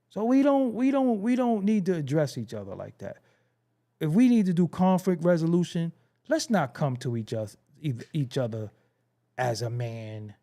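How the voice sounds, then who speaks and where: Man, middle-aged, profane streetwise host, blunt rant, slightly high voice, very animated pitch. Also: creaky. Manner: mimics other people's phrases mockingly. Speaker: show host. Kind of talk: casual commentary rant.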